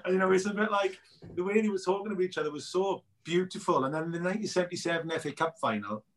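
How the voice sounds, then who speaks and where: A man's voice: high voice, quick pace. A man, a documentary filmmaker, chatting as a guest on an interview podcast, telling stories with enthusiasm and many fillers. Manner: enthusiastic storyteller, many "you know" fillers. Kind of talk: casual interview chat.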